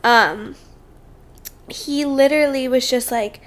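A young woman guest co-hosting a podcast, a teacher chatting animatedly with quick reactions. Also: high voice, fairly bright tone. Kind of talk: casual chat.

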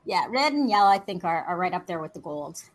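A woman chatting as a guest in a lively, playful, flirty way, joking as she talks. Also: lowish voice, fast. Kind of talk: lively casual chat.

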